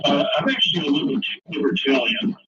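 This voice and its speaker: A man calling in to a radio show, earnest and a bit halting. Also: on the high side, big pitch swings, distant mic, dull audio, loud music behind the voice. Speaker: caller. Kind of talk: call-in radio chat.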